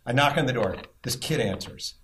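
Middle-aged male podcast host, animated, teasing storyteller. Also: mid-range voice, moderate pace, slight background noise. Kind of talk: live podcast chat before an audience.

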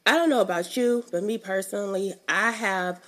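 A woman's voice: medium pitch, moderate pace, a bit bright. A young woman giving a casual, emphatic devotional teaching in a conversational, colloquial way. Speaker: faith teacher.

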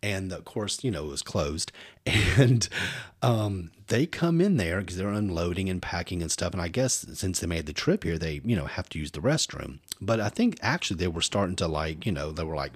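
A man, co-hosting a podcast and telling animated stories, acting out voices as he goes. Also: low voice, moderate pace, breathy edge, no room sound, studio quality. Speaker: podcast co-host. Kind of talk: casual storytelling chat.

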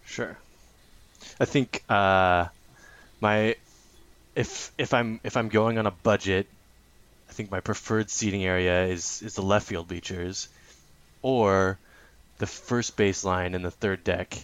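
A man co-hosting a casual sports podcast, relaxed and a little hesitant, with many fillers. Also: lowish voice, slow pace, long pauses, smooth. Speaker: podcast co-host.

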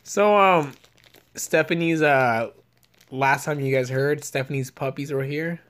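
A man's voice: a little high, a little slow, fairly bright tone. A young man co-hosting a casual chat show, rambling and joking with lots of swearing. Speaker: podcast co-host.

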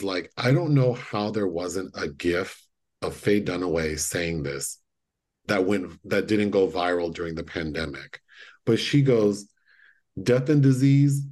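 A man co-hosting a podcast, retelling movie scenes in a casual, animated way and acting out the lines. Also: lowish voice. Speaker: podcast co-host. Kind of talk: casual chat.

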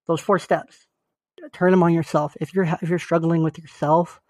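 A man's voice: fairly high pitch, little pitch movement, normal speed, darkish tone, no echo. A young man co-hosting a podcast, down with the flu, talking in an earnest, encouraging and loose way. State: sick with flu. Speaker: podcast co-host. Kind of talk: casual podcast chat.

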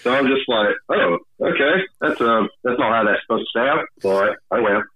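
A man's voice: mid-range voice, a little fast, sharp tone. A man who narrates audiobooks, a podcast guest talking candidly and with self-deprecating humor. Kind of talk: casual podcast conversation. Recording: tinny phone-like line.

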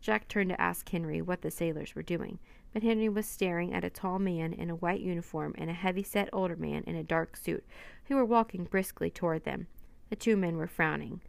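A woman narrating a children's storybook in a steady, even reading. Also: fairly low pitch, a little fast, creaky, no room sound.

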